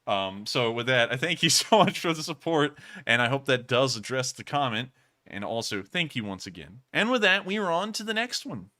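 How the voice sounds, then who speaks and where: Bright-voiced man thanking viewers. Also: mid-range voice, very animated, normal speed. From Alabama, USA. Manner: thankful, rambling, repeats thanks often. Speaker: livestream co-host. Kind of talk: casual livestream chat reading donations.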